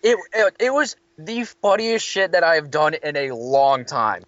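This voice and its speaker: A man's voice: fairly high pitch, measured pace, no echo, highs cut off. A man telling a story in casual chat, swearing and acting out the people in it with raised voices. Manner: animated, swearing, quoting others in raised voices. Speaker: hotel worker telling a story.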